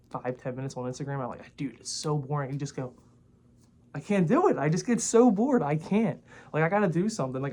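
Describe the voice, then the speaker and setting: Man, 20s, vlogger; rapid, rambling, blunt rant full of swearing and fillers. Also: a little high, a little mellow. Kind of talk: casual rant to camera.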